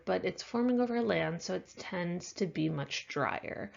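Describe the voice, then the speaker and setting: A woman teacher giving a recorded science lecture in a casual, unhurried way, with many fillers, and sounding tired. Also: on the low side, vocal fry, darkish tone, dull audio. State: yawning, tired.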